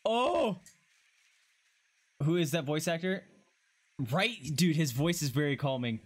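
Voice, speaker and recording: Excitable gushing man playing a game. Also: a little high, slow pace. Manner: gushing and excitable, squeals and swears. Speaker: gaming streamer. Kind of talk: casual let's-play commentary.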